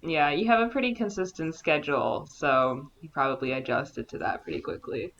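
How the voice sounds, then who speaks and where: A woman's voice: sits low, big pitch swings, moderate pace, fairly bright tone. A woman co-hosting a podcast in casual chat, teasing and laughing easily. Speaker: podcast co-host. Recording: dull lo-fi recording.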